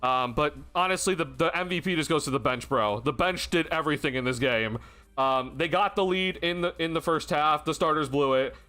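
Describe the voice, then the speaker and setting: Young male streamer, high and bright, loose excitable postgame chatter, swears freely. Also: fairly quick. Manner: excitable, swearing, many fillers and laughs. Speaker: sports stream host. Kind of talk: casual postgame rant.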